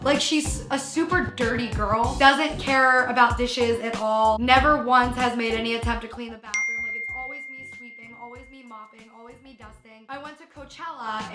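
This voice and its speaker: A young woman tells a casual storytime in a high, bright, forceful voice, venting with exasperation and lots of "like". The room has a noticeable echo. Faint music plays underneath. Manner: venting, exasperated, heavy use of "like". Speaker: vlogger telling a storytime.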